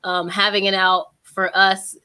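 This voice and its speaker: A woman's voice: medium pitch, flat delivery, a little slow, sharp tone, smooth. A young woman in a casual panel discussion, speaking hesitantly with many fillers and restarts.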